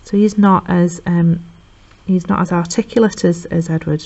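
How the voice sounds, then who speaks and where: A woman teacher with a lowish, dark, steady voice and vocal fry chattily retells a play for revision, acting out the characters' lines in quick voices. The sound is dull and lo-fi.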